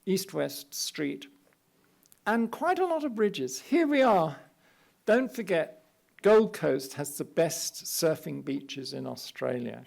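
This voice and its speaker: An older man with a British accent talks his audience through slides in a public lecture. His voice sits slightly high for a man, and he keeps slipping in wry, self-mocking asides between his points. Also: gravelly, darkish tone. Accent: British English. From England. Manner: wry, anecdotal, self-deprecating humor. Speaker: architect giving a lecture. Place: lecture hall at an art academy.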